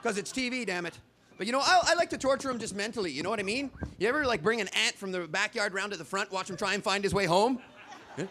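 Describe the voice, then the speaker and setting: High, bright-voiced rambling man comic. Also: expressive, fast. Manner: rambling, conversational, putting on little voices for bugs. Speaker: stand-up comedian. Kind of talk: stand-up comedy. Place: stage in front of a live audience.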